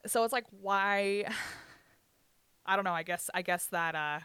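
A woman's voice: medium pitch, a little slow, fairly bright tone, clean tone, dry recording. A young woman telling an emotional personal story in candid conversation, swearing freely and laughing through the pain.

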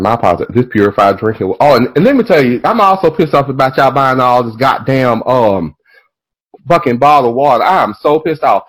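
A man hosting a podcast in casual chat, animated and profane, drifting into tangents and laughing as he talks. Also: medium pitch, husky, low-quality recording. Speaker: podcast host.

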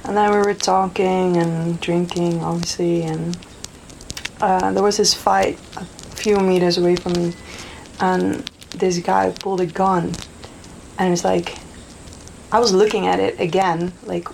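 A woman's voice: on the low side, flat delivery, a little slow, gravelly, darkish tone, slight background noise, low-quality recording. A woman from Europe, a guest telling stories in casual chat, laughing often and rambling with fillers. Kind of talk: casual storytelling.

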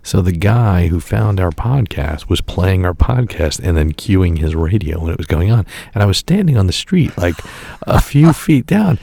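A man's voice: low-pitched, sing-song, normal speed, gravelly, few pauses, warm tone, dry recording. A man co-hosting a podcast, telling crude, joking stories in casual banter. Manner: crude, storytelling, laughs often. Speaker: podcast co-host.

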